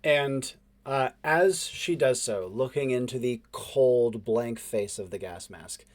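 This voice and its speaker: A man running a tabletop role-playing game as game master, describing scenes with fillers and hushed dramatic drops. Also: medium pitch, slow.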